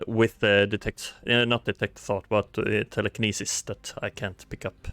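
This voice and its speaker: A man playing a tabletop game, planning his moves in a deliberate, hesitant way. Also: on the low side, flat delivery, a bit bright. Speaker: player.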